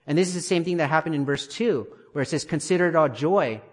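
A man preaching an expository sermon, emphatic and building to forceful declarations. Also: a little high, fast, big-room sound.

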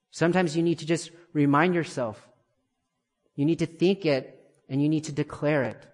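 A man preaching an expository sermon, emphatic and building to forceful declarations. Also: on the high side, fairly even intonation, moderate pace, in a large hall.

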